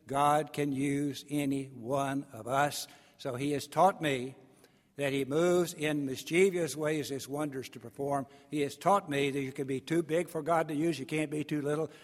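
A man's voice: on the high side, big-room sound. A man preaching a sermon, telling stories in a folksy way and acting out the voices of the people in them.

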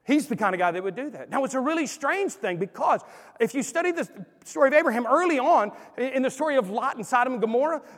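A man in his forties preaching a sermon, telling stories with animated swings and acting out the voices. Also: very high voice, fast talker. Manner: animated storyteller, acts out quotes. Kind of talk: sermon with storytelling. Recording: long hall reverb.

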